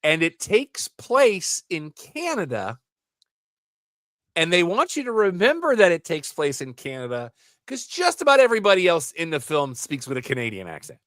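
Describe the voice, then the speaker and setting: A man co-hosting a casual podcast, rambling through animated movie recaps with side comments. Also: fairly high pitch, normal speed, dry recording, studio quality. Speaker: podcast co-host.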